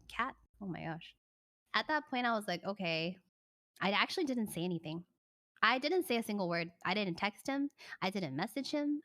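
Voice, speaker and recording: Bright-voiced young woman telling a story. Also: medium pitch, dry recording, clean studio sound. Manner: animated, chatty storytelling, breaking off to thank viewers. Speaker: livestreamer. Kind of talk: casual storytelling chat.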